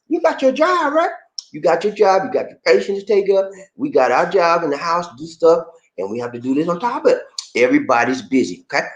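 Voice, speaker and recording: A man hosting a casual livestream, playful and animated, greeting viewers by name and laughing often. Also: on the high side. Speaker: livestream host. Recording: echoey room.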